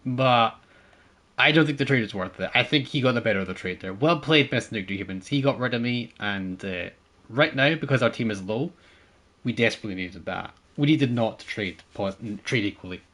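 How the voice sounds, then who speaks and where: A man's voice: mid-range voice, fairly quick. A young man streaming a naval video game, commenting on the play and joking with his chat. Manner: animated, jokey, talks to chat. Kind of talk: live gameplay commentary.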